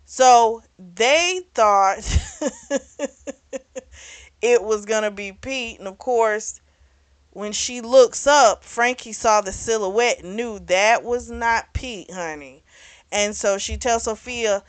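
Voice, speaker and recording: A woman hosting a book club channel, recapping a novel's plot in a blunt, animated way, swearing and laughing now and then. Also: on the high side, takes it slowly, smooth, no echo. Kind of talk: casual book recap and review.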